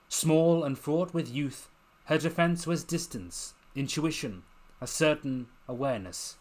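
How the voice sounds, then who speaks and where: A man narrating his own fantasy novel in a measured, dramatic reading, lingering over descriptive phrases. His voice sits at a middle pitch, unhurried and deliberate. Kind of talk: scripted narration.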